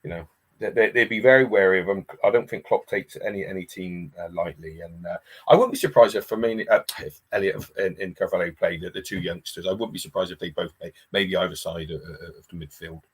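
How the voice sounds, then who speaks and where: A very deep male voice with a husky edge. He is a Liverpool-supporting guest in a casual football chat, and he rambles and hesitates as he talks. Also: brisk.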